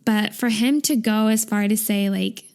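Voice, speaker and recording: A woman's voice: medium pitch, moderate pace, darkish tone. A woman co-hosting a casual fan podcast, talking in a gushing, emotional way. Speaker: podcast co-host.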